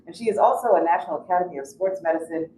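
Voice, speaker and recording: A woman moderator in a bookstore reading a guest's bio aloud and adding quick asides. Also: on the low side, dark tone, slight background noise. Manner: reads bios, ad-libs asides. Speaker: event moderator. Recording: distant voice in an echoey bookstore.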